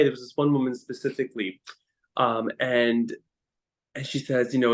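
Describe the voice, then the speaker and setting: A man, a harp teacher and musician, telling stories as a guest in a podcast interview, emotional and halting with frequent restarts. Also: mid-range voice, flat delivery. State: choked up.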